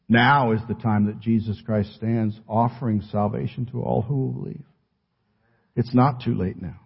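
A male pastor preaching a sermon in earnest, moving between raised emphasis and hushed pleading. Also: fairly low pitch, vocal fry, breathy edge, lo-fi sound.

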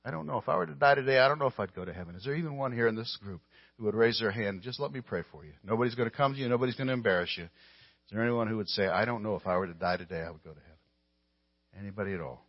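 A man's voice: fairly low pitch, very fast, creaky, no echo, muffled recording. Emphatic male pastor preaching. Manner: emphatic, with sudden loud stresses and quiet drops. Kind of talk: sermon.

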